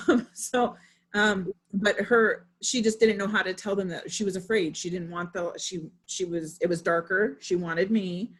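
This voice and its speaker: A woman's voice: medium pitch, steady tone, normal speed, hardly any pauses, fairly bright tone, slightly rough. A woman in her thirties, a parent, giving a casual presentation to parents, chatty and full of personal examples. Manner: conversational, with frequent fillers and personal anecdotes.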